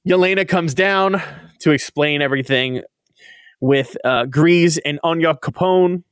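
A man co-hosting a casual podcast, recapping an episode in an animated, profane way and acting out characters' lines. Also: high-pitched, normal speed, clear, resonant tone, no room sound, studio quality. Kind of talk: casual chat.

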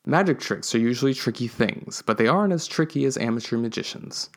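A man co-hosting a podcast, reading a comic story aloud in dry, measured narration. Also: mid-range voice, expressive. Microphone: podcast microphone.

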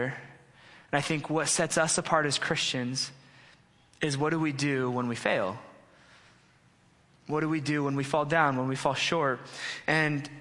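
A young man preaching from a stage, with a slightly high, bright and forceful voice. He talks in an earnest, conversational way and pokes fun at himself as he tells stories. The sound carries a long hall reverb. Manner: conversational, earnest, self-deprecating storytelling. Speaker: pastor. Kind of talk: sermon.

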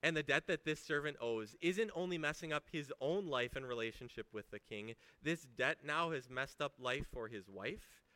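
Bright-voiced man preaching conversationally. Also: mid-range voice, normal speed, hardly any pauses, no echo. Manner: conversational, emphatic, rhetorical questions. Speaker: pastor. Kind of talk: sermon.

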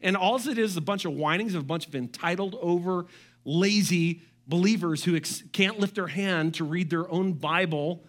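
High-voiced, bright animated male pastor. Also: moderate pace. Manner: animated, joking asides and quoted voices. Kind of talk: sermon.

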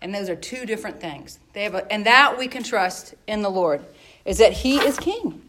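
A woman's voice: medium pitch, big pitch swings, moderate pace, background noise. A woman leading a Bible study class in a conversational way, spelling words out and restarting her sentences. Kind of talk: casual teaching talk.

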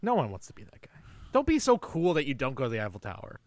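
A man's voice: mid-range voice, wildly swooping pitch, quick pace, darkish tone, dry recording, clean studio sound. A man co-hosting a casual film podcast, recapping the plot and laughing often. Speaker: podcast co-host.

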